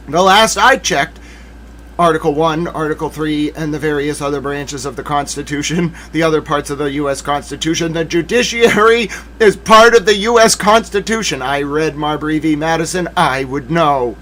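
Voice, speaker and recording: A man's voice: on the high side, normal speed, fairly bright tone, slight background noise. A man hosting a live legal commentary stream, ranting with theatrical mock outrage and talking to himself in asides. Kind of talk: livestream commentary.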